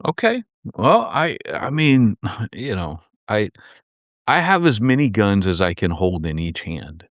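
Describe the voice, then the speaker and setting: In clean, dry studio audio, a podcast co-host with a lowish voice talks a little slowly. He's casual and animated, rambling through stories and frequently starting over.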